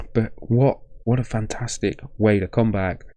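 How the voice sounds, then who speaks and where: A man's voice: on the low side, takes it slowly, a little mellow, dry recording. Tired, rambling man. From Leicester, English Midlands. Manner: rambling, effusive, full of thank-yous and restarts. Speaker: music reaction channel host. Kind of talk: casual reaction-video chat.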